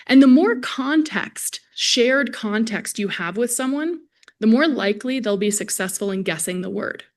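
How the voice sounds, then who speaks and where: A woman's voice: a little high, lively intonation, moderate pace. A woman speech-language pathologist giving a conversational conference lecture to a live audience, talking to them directly. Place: lecture hall at a symposium.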